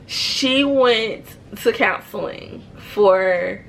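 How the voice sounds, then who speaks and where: A woman's voice: mid-range voice, drawn-out words, creaky, slight background noise, low-quality recording. A young woman telling a personal story to her viewers in a chatty, slangy way. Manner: chatty, slangy, many fillers. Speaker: storytime vlogger. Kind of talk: casual storytelling.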